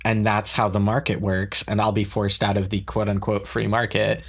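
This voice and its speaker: A man with a somewhat low voice co-hosts a casual podcast. He lays on heavy sarcasm as he makes his points. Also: flat delivery, normal speed. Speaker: podcast co-host.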